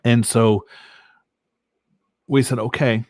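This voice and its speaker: A man's voice: medium pitch, fairly even intonation, slow, darkish tone, dry recording. A man from Michigan, a podcast guest, giving an earnest personal faith testimony with many ums and restarts.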